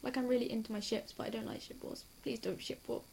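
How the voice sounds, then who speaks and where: A young woman with a slightly high voice talks in a loose, rambling way. She giggles often and gushes, sounding hyper as she hops from one point to the next in a casual reaction vlog. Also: fairly even intonation, creaky, a little mellow, slight background noise. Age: young adult. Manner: hyper, giggly and quick to gush. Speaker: TV reaction vlogger.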